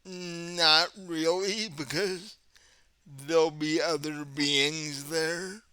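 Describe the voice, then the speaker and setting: A man voicing a composed, centuries-old vampire prince who speaks with calm courtesy, in a tabletop game. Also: on the high side, smooth, dry recording, heavily acted. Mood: courteous. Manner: calm, courteous, unhurried host tone.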